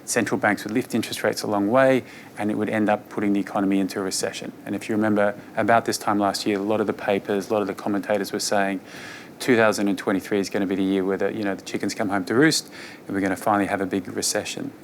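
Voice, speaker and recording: A fund manager, a man, giving an investor presentation on markets in a relaxed, conversational way with frequent fillers. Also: fairly low pitch, quick pace, slight background noise.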